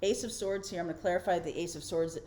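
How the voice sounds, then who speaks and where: A woman's voice: on the low side, steady tone, fast talker, dark tone, a little hiss or hum. A middle-aged woman hosting a casual tarot reading, chatty and reassuring, thinking aloud with fillers. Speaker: tarot reader and channel host.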